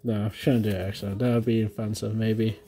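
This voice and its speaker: In a casual unboxing chat, a man in his thirties talks to viewers at home as he tears into trading card packs, excitable and effusive about each one. He speaks at a moderate pace with a fairly low pitch.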